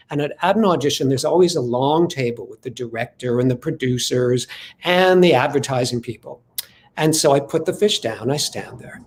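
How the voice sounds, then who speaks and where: A man's voice: a little high, creaky. A middle-aged man telling a story as a motivational speaker, acting out the voices he quotes. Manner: animated, acts out quoted voices. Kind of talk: storytelling talk.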